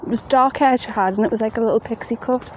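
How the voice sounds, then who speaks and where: A woman's voice: on the high side, quick pace, rough recording. A woman telling a ghost story in a chatty, plain-spoken way, outdoors at night in the rain. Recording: faint rain noise behind.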